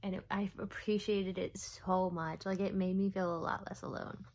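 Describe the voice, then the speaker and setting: A woman's voice: medium pitch, flat delivery, moderate pace. A young woman talking casually in a confessional vlog, rambling and oversharing with lots of fillers, sometimes dropping to a whisper. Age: young adult. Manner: rambling, oversharing, with frequent fillers and soft laughs. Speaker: vlogger.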